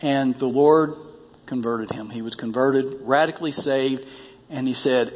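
A man's voice: mid-range voice, steady tone, a little slow, long reverb tail. A male pastor delivering a sermon, reading a story aloud and rising in emphasis on key lines.

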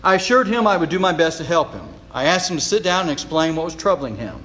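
Male preacher with lively pitch. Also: fast. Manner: storytelling, reading quotes aloud. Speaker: pastor. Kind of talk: sermon retelling a story. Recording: long reverb of a large hall.

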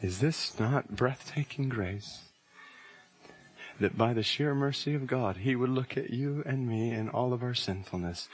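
Guy preaching a sermon, mid-pitch voice, tells stories, gets fervent and loud on the big points. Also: a little slow. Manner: builds to high, intense emphasis on key phrases; illustrates with stories and scripture references.

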